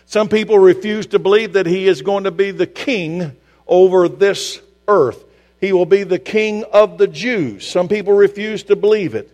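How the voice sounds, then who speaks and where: A pastor preaching to his church, his voice sitting a little high for a man. He drives his points with repeated questions and moves between loud bursts and near-whispers. The sound carries the long tail of a large hall, with a low electrical hum underneath. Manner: emphatic preaching with rhetorical questions, swings from loud to hushed. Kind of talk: sermon. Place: church sanctuary.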